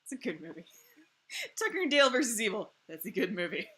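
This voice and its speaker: A woman's voice: medium pitch, very animated, brisk, pushed and bright. A woman streamer in casual chat on a live stream, laughing often and swearing freely.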